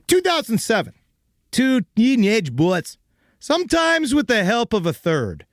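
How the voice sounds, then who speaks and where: Animated high-voiced American comedy podcaster. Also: male voice, no echo, studio quality. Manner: playful, theatrical, laughs often. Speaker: podcast host and narrator. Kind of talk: comedic true crime narration.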